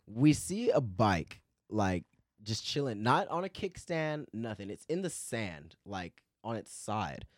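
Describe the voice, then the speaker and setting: A man in casual chat who tells stories in an animated way and swears a lot. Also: fairly low pitch, slow, dry recording, studio quality.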